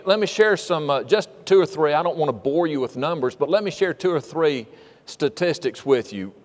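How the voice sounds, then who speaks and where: An older man from Georgia, preaching a sermon in a church in an earnest, folksy way with frequent restarts. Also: on the high side. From Georgia, USA. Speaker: state missionary preaching. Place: church sanctuary. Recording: long hall reverb.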